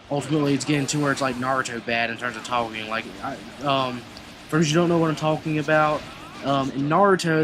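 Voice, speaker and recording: A man's voice: medium pitch, background noise. A man casually recapping anime episodes in a rambling way, full of fillers and restarts. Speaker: anime reviewer.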